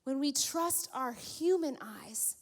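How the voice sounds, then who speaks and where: A woman pastor preaches with a high voice, leaning into playful storytelling. She takes her time and drives points home with emphatic repetition. A long reverb from the church hall hangs after each phrase. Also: animated, slow. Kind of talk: sermon.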